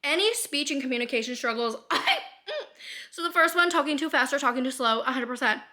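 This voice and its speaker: A woman in her twenties talking candidly in a personal vlog, rambling with lots of fillers, casual swearing and speed that shifts between fast and slow. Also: high voice, bright, forceful tone. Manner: rambling with many fillers and frequent laughs. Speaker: vlogger.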